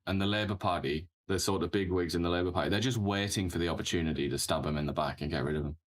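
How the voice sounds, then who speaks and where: A man with a very low, deep voice chats casually as a political talk show co-host. He rambles, chuckles partway through sentences and often closes a point with a tag question.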